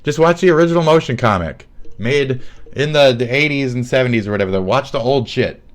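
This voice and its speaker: A man's voice: medium pitch, animated, brisk. A young man livestreaming, ranting in a rambling, sneering way full of profanity. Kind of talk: livestream rant.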